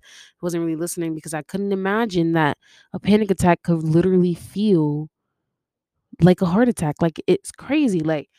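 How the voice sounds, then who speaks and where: A young woman talks through her own story on her podcast, rambling from one tangent to the next and breaking into laughter. Her voice sits on the lower side for a woman. The sound is dry and close, with no room echo. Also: gravelly, dark tone. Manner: rambling, jumps between tangents, laughs often. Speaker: podcast host. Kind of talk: casual confessional monologue.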